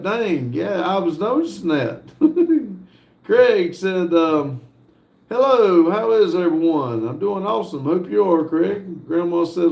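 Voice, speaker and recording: A man hosting a casual livestream, reading viewer messages aloud in an unhurried way, with frequent fillers and chuckles. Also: high-pitched, vocal fry, a little mellow, echoey room. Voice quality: laid-back, chuckles often between messages. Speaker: livestream host.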